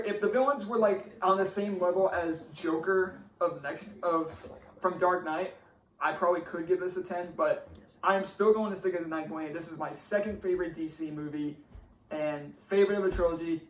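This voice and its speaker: Young male podcast host, high voice, distant roomy mic. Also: brisk. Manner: relaxed, drawls with filler "like". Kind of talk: casual movie review chat. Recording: roomy echo, distant mic, faint hiss.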